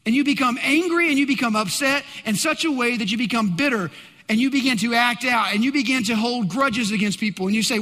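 A male pastor preaching a sermon, swinging between loud emphatic bursts and hushed asides. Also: very high-pitched, animated, brisk, long reverb tail.

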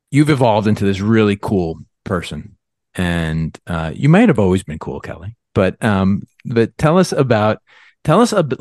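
Man, podcast host, very low voice, enthusiastic rambling questions, dry close mic. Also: a little mellow, dry recording. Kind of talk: conversational interview.

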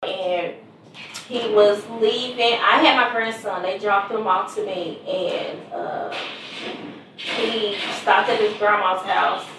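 A middle-aged woman tells her story as a mother in an earnest, conversational way, her pitch sitting in an ordinary middle range. She is recorded from some distance in a strongly reverberant room. A faint ambient hum sits under her voice. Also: takes it slowly. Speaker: mother of a murder victim. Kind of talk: personal testimony.

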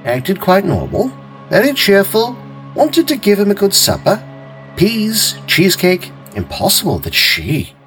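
A man voicing police detectives who mutter clipped, hushed remarks. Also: high-pitched, huge pitch swings, a little slow, faint music behind, voice pushed up, full character voice, poor audio.

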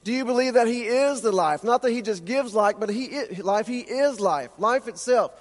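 Man, high voice, impassioned preacher, rhetorical questions, long hall reverb. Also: lively intonation, moderate pace. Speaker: pastor. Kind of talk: sermon.

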